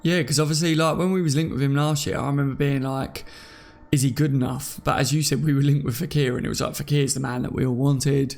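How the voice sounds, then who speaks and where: A man's voice: medium pitch, fairly even intonation, fast talker, gravelly, a little mellow. A man hosting a casual live chat, reading out comments and laughing often. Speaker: podcast host.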